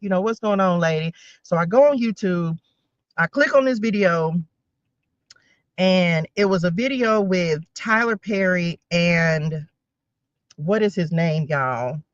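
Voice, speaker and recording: A woman's voice: lowish voice, no room sound, lo-fi sound. A woman in her forties giving a casual spiritual tarot reading, chatting straight to her viewers with rambling side notes. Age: 40s. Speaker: tarot reader.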